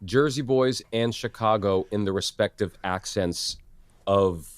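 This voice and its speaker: A man in his late thirties from New York City, a guest in a podcast interview, chatty and self-deprecating with halting restarts. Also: on the low side, smooth, dry recording. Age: 30s. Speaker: guest actor and producer.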